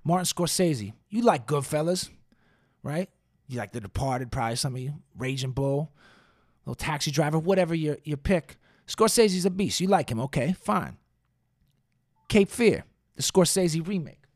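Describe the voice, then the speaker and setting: Dude ranting on his podcast, cussing a lot, kinda high voice, mumbles stuff under his breath sometimes, dry mic. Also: normal speed, no echo. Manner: animated, profane, wry asides, mutters some lines under breath. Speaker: podcast host. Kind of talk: casual profane rant.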